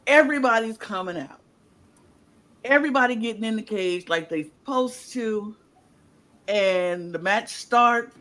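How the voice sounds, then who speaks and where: A woman co-hosting a podcast in casual chat, retelling events in a loose, lively way and acting out what people said. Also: a little high, measured pace. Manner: animated storyteller, acts out quotes; loose, colloquial phrasing. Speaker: podcast co-host.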